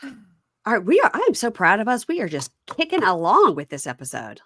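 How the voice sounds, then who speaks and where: A middle-aged woman hosting a casual podcast chat, retelling a reality show scene by scene and acting out the quotes in a higher voice. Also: wildly swooping pitch, fairly quick, no echo, clean studio sound. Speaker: podcast host.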